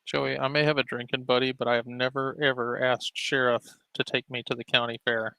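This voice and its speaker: A man's voice: mid-range voice, level tone, brisk, creaky, bright, forceful tone, clean tone, no echo. A man hosting a stream, making casual dry jokes that mock the streamer he is watching. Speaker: host. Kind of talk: casual joking commentary.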